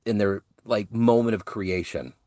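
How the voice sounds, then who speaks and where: Male podcast host; deep voice, dry room, loose rambling questions. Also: unhurried, mellow, dry recording. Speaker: interview host. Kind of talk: casual interview conversation.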